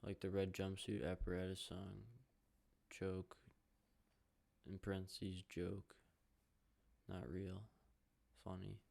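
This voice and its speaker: A man's voice: deep voice, completely flat delivery, takes it slowly, gravelly, pauses often, darkish tone. A young man from the Side, hosting a podcast in a rambling, profane, joking monologue. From Chicago South Side. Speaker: podcast host.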